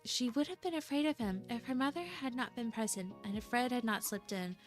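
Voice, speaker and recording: A woman reading a classic Christmas story aloud, steady, with small stumbles over names. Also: on the high side, brisk, faint music behind. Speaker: storybook reader.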